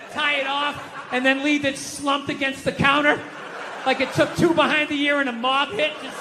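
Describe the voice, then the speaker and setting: A man doing stand-up comedy on stage, ranting and exasperated, shouting his punchlines. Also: extremely high pitch, big-room sound, a little hiss or hum. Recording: live stage audio with audience.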